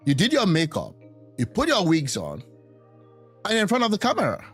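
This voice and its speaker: A man's voice: high-pitched, wildly swooping pitch, a little fast, a bit bright, breathy edge, soft background music. A man hosting a reaction video, commenting on a clip in a teasing, incredulous way and laughing often.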